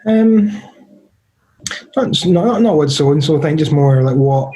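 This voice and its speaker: A man's voice: a little high, expressive, slow, dark tone. A man answering a coach's questions, hesitant and full of fillers. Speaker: client in coaching demo.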